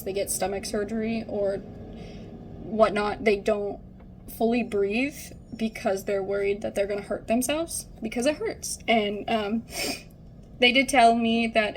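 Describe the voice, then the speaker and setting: A woman's voice: medium pitch, a little hiss or hum, rough recording. A young woman telling a casual, rambling story at home while she gets ready, full of "like" and "um". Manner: chatty, rambling, frequent "like" and "um". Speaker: vlogger.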